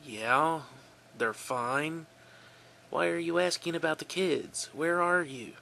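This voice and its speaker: A man voicing a scared, angry teenage girl babysitter in a shrill falsetto. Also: takes it slowly, creaky, sharp tone, heavily acted. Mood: annoyed. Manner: pleading, furious.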